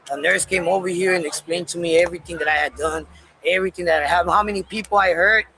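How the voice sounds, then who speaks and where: A man casually telling a personal story in a candid, profane, animated way. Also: high voice, quick pace, a little hiss or hum, rough recording.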